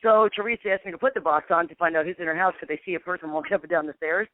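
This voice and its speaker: A woman with a lowish voice talks rapid-fire through a long, rambling story in a phone interview about her paranormal investigations. She acts out exchanges with "I'm like," and the tinny, dry phone line carries slight background noise.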